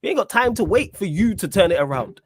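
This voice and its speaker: A man hosting a casual football fan show, lively and full of quick interjections. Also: high voice, breathy edge, no room sound, clean studio sound.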